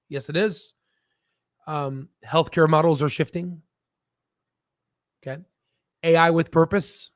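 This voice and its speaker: A man's voice: a little high, no room sound. A man hosting a stock market video in a casual, rambling, jokey way, often tossing in "right?".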